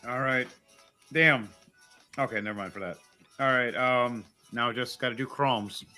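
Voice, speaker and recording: A man runs a tabletop game as game master, his voice bright and clear. He chats easily, explains the rules as he goes and laughs often, with faint music underneath. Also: mid-range voice, a little slow. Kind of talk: running a tabletop game, casual.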